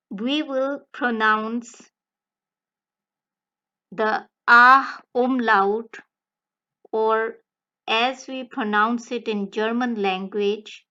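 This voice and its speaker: A woman language tutor giving a slow, deliberate step-by-step explanation of pronunciation. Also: a little high, steady tone, bright, forceful tone, muffled recording. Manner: slow, deliberate, breaks words into careful phrases.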